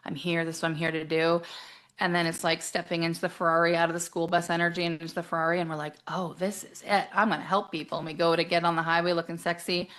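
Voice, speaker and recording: A woman coach talking casually in an interview, animated, acting out quoted voices and laughing often. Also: fairly low pitch, very fast, clear, resonant tone.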